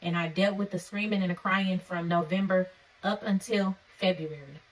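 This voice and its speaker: A woman giving an encouraging faith-based talk to camera, earnest and preacherly, often checking in with her listeners with a quick "okay?". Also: on the low side, steady tone, recorded from a distance, poor audio. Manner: conversational and informal. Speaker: faith vlogger. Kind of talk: encouraging devotional vlog talk.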